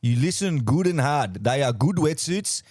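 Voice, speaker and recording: An Australian man doing a brash Kiwi bloke with a put-on New Zealand accent, loud and high in his voice. He pushes the sponsor lines in an exaggerated, jokey way, recorded close and dry. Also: expressive, moderate pace, no room sound. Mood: joking.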